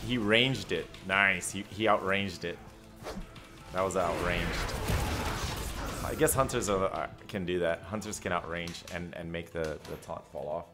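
A man giving chatty, excitable commentary while he plays an online battle game, joking and calling "dude" and "man" often. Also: deep voice, unhurried. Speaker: gameplay streamer. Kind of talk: live gameplay commentary. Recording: game music behind the voice.

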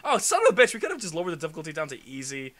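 A man's voice: a little high, huge pitch swings, racing, a bit bright. A young man co-hosting a let's play, joking, swearing and laughing through casual gameplay commentary.

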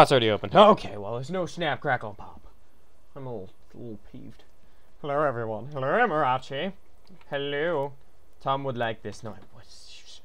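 With a mid-range voice at a moderate pace, this game streamer offers loose, goofy play-by-play, saying hello to viewers and bursting out in sudden excited yells.

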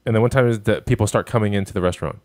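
A man's voice: on the low side, a little mellow, no echo. A man in casual podcast chat, firing off incredulous questions and swearing freely. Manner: rapid-fire questions, profane, incredulous.

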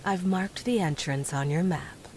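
An actress playing an adult woman quest-giver in a horror video game, calmly briefing the player in a measured, matter-of-fact way. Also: lowish voice.

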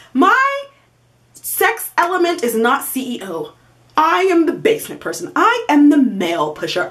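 A young woman talks straight to camera in a loose, confessional vlog, rambling and self-mocking with plenty of "like" and "you know." Her voice sits fairly high for a woman, and she keeps breaking into little acted-out quotes and laughter. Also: fairly bright tone. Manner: chatty, rambling, self-deprecating, with lots of fillers. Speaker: vlogger.

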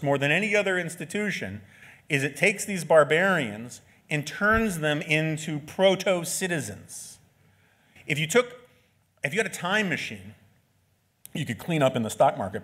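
A man in his forties speaks unscripted as an author at an event in a lecture venue, tossing in wry asides and frequent "right?" tags. His voice is medium-pitched with a fairly bright tone.

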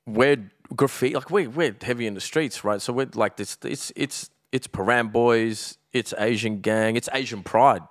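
A man's voice: medium pitch, moderate pace, few pauses, no echo, studio quality. An Australian man from Melbourne, a podcast guest telling street stories in a casual, streetwise way, swearing freely and leaning on "like" and "you know". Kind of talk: casual storytelling chat.

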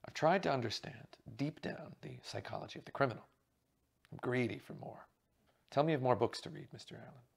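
A glamorous actress gushes in a bright, theatrical way, pitched up high, as a gravelly male reader plays her. Her words come loud and effusive. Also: a little fast. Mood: gushing.

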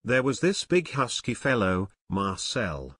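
A man voicing a blunt, impulsive teenage boy who speaks flatly in an audiobook. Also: lowish voice, unhurried, breathy edge, no room sound, studio quality, heavily acted. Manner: blunt, flat.

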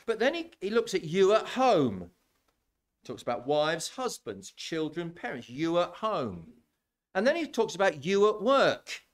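Male preacher, slightly high voice, very lively delivery; sermon in church, chatty and emphatic. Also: unhurried. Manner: animated, conversational, repeats words when building a point.

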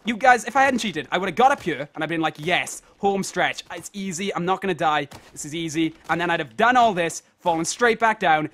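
A young man with a high voice commentates on a game he is playing. He is exasperated, swears a lot and shouts at the screen when things go wrong. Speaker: gaming video host. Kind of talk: gaming commentary.

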